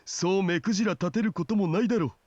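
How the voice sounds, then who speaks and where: An actor playing a laid-back, indulgent middle-aged father who talks rapidly. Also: sits high, a little mellow, dry recording. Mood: easygoing. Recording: dull game audio.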